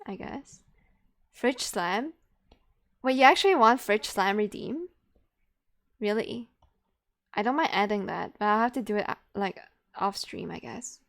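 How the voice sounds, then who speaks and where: A woman's voice: medium pitch, expressive, measured pace, vocal fry, long pauses. A woman streamer chatting casually and playfully with her viewers, giggling often. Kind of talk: casual live-stream chat.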